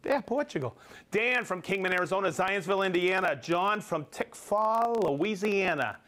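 A middle-aged man with a fairly high voice runs a live stream. He reads viewers' names and hometowns in an upbeat way and trips over the tricky ones. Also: animated, normal speed, a bit bright. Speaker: livestream host.

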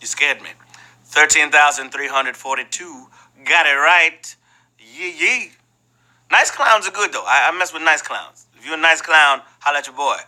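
A man's voice: a little high, normal speed, bright, forceful tone, rough recording. A man hosting a live trivia game show, playful and joking between questions and exclaiming often.

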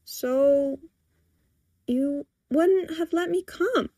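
Woman reader as anxious teen girl, higher pitch, dry close sound. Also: dark tone, no room sound. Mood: pleading. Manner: pleading, higher and slower than the narration. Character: anxious teenage girl, timid but stubborn.

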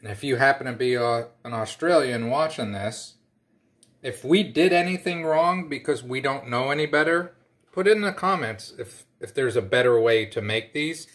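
Casual man, middle-aged, home cooking vlogger; friendly, self-deprecating, even-pitched delivery. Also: normal speed. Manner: chatty, folksy, self-deprecating. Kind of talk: casual cooking vlog chat.

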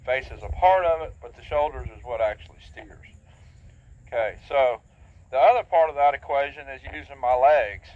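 A man training a horse while riding in an outdoor arena, explaining his technique in a plain, steady, practical way. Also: medium pitch, normal speed, no room sound. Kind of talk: instructional talk while riding. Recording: thin phone-like outdoor audio.

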